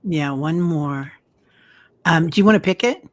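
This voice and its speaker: A low-pitched woman hosts a live-streamed healing chat. She talks softly and warmly encourages her guests, with an affectionate manner. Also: measured pace. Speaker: host.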